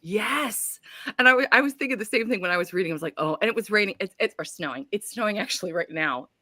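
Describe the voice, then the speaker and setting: A woman's voice: medium pitch, expressive, fast talker, bright, forceful tone, no echo, studio quality. A woman co-hosting a live book club stream, chatting casually and emotionally and laughing often over a video call.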